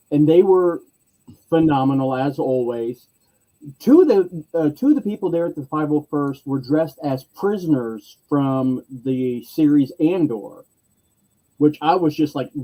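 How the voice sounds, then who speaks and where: A man telling a convention story in casual chat, lively, acting out other people's lines in varied voices. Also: a little high, muffled recording.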